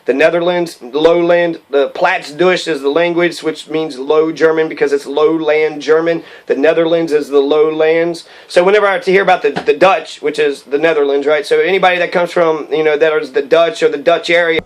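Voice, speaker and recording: A man's voice: a little high, fairly even intonation, normal speed, hardly any pauses, rough recording. A man rambling about history and ancestry, cursing often and circling back with fillers. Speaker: history commentator. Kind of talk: rambling profane commentary.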